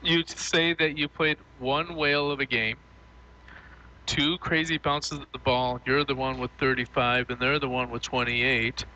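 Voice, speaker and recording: A man hosting a local post-game radio show, upbeat and reading sponsor lists in a lively announcer cadence. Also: mid-range voice, measured pace, a little hiss or hum, rough recording. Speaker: radio sports host.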